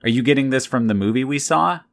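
Very low-pitched woman, curious interviewer asking questions in casual chat. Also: quick pace. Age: adult. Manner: curious, probing follow-up questions. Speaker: parent interviewing a child.

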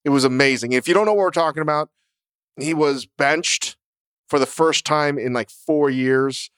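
A man co-hosting a podcast in casual, animated chat, swearing freely and laughing as he tells stories. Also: on the high side, normal speed, clean tone, dry recording, clean studio sound. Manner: animated, profane, laughing storyteller. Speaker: podcast co-host.

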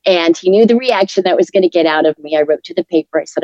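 A middle-aged woman speaking as an interview guest, earnest and encouraging, with soft laughs as she talks. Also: medium pitch, brisk, dry recording, muffled recording. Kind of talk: casual interview talk.

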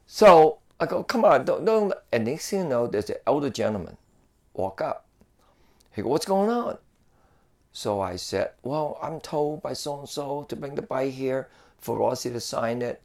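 Gravelly man rambling through a story. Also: mid-range voice, moderate pace, a little mellow. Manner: rambling storyteller, many fillers and restarts. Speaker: guest telling a story. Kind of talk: casual chat.

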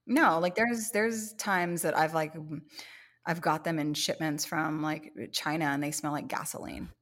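A woman's voice: sits low, steady tone, a little slow, a bit bright. A woman guest on a casual podcast, telling stories in a chatty way with lots of "like" and acted-out quotes. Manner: chatty storyteller, heavy use of "like", acts out quotes. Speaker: guest denim expert.

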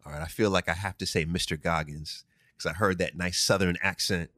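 Low-pitched and fairly even in intonation, this man talks a little fast with a sharp tone on a dry studio recording. Hosting a casual advice show, he answers listener questions emphatically, repeating key phrases and tossing in frequent "right?"s.

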